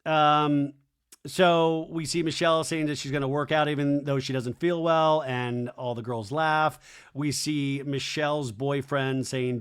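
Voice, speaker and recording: A man hosting a podcast, giving an animated, chatty comedic TV recap. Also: on the high side, measured pace, smooth. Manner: animated, chatty, frequent impressions. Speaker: podcast host.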